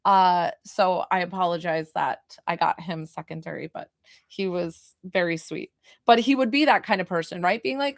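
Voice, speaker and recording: A woman's voice: mid-range voice, moderate pace, a bit bright, dry recording, studio quality. A woman working as a spiritual medium, giving a chatty, emotional reading on a live stream and laughing often.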